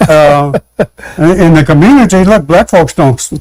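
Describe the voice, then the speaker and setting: Male guest, slightly high-pitched, animated explainer who voices little scenes, dry close mic. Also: moderate pace, dry recording, poor audio. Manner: animated storyteller, acts out quotes, laughs, many restarts. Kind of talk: casual chat.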